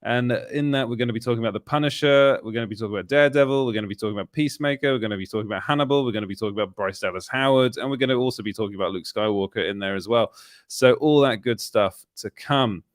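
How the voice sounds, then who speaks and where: A man's voice: fairly low pitch, rapid-fire, few pauses, dry recording, studio quality. A man hosting a casual live stream, upbeat and chatty, greeting viewers in the chat. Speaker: host.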